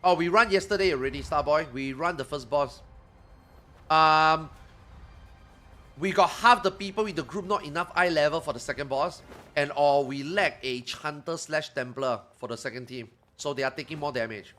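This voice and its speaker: Male streamer, casual profane live chat, high-pitched and sharp, faint music underneath. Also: normal speed. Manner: ranting, profane, rising loud when worked up. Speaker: gaming streamer.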